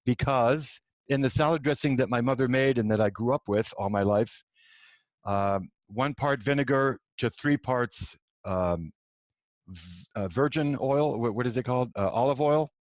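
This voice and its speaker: A man's voice: medium pitch, normal speed, no room sound. A middle-aged man hosting a show, telling a personal story and acting out the dialogue, with frequent restarts. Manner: animated, acts out quoted dialogue with many restarts. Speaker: host.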